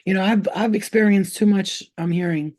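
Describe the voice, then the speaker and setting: A woman giving a casual spiritual reading to her viewers, animated and excitable, swearing freely and repeating herself as she talks. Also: mid-range voice, normal speed. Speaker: spiritual reader.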